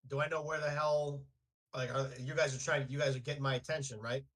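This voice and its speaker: A man playing a tabletop game, asking quick questions to check what is happening. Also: medium pitch, steady tone, fairly bright tone. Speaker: player. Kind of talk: casual tabletop play.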